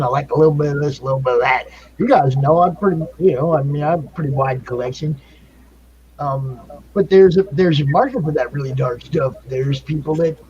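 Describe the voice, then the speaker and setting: A man's voice: a little high, darkish tone, muffled recording. A man on an online panel speaking frankly and earnestly, often repeating himself. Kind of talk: casual panel chat.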